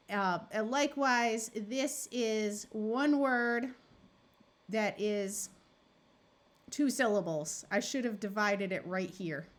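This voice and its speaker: A woman tutor giving a recorded phonics lesson, explaining each step patiently and sounding words out clearly. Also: medium pitch. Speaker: reading tutor.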